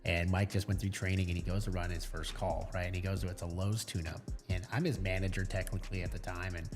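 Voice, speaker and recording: A man talking shop on a podcast, telling stories quickly and swearing freely. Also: low-pitched, little pitch movement, faint music behind. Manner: rapid, swearing storyteller. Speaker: HVAC business guest. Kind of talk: casual podcast conversation.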